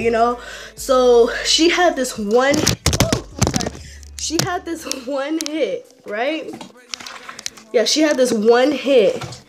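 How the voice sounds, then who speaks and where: A teenage girl vlogging a casual storytime, animated and laughing as she tells it. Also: high-pitched. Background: faint music.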